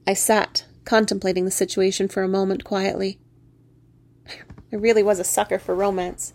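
Woman reading her own story out loud, laughs a lot, mellow gravelly voice. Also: mid-range voice, normal speed. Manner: expressive, laughs often while reading. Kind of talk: storybook narration.

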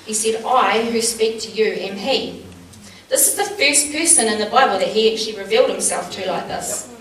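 A woman teaching a small church group, telling personal stories in an earnest, animated way with lots of fillers. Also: medium pitch, moderate pace. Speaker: church speaker. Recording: roomy sound from a distant mic, faint background noise.

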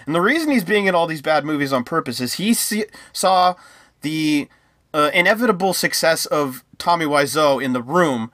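A man with a bright, forceful, slightly high voice co-hosts a casual movie review chat. He talks in a chatty, joking way and spins playful conspiracy theories. The sound is dry and close. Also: lively intonation, normal speed, dry recording. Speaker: podcast co-host.

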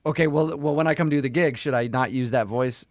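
A man's voice: medium pitch, brisk, no room sound. A man hosting a radio morning show, pulling a prank call with upbeat, reassuring patter.

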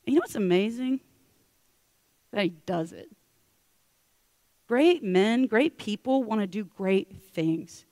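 Woman preacher, animated storyteller, casual slang, close dry mic. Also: medium pitch, no echo. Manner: lively storytelling, acting out characters with casual slang. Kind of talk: sermon. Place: church.

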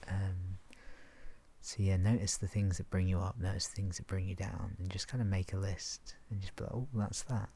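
A man talking in a relaxed, rambling way about self-awareness, laughing softly and acting out his inner thoughts. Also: low voice, moderate pace, a little hiss or hum. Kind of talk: relaxed casual monologue.

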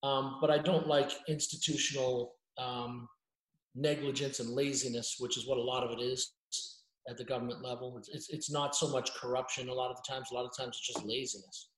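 A man's voice: medium pitch, flat delivery, fairly quick, roomy sound, poor audio. A middle-aged man, a journalist talking bluntly on a casual podcast interview, often restarting his sentences. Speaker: journalist guest.

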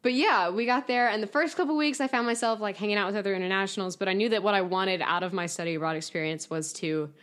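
An American woman in her twenties chatting casually, telling stories in an animated way and acting out the voices of people she quotes. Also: medium pitch, fast talker, hardly any pauses. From United States. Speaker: guest recounting study abroad. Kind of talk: casual chat.

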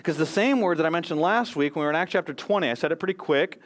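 Earnest higher-voiced American preacher. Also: male voice, rapid-fire. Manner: earnest, emphatic preaching with quoted speech and brief singing. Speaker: pastor. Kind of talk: sermon.

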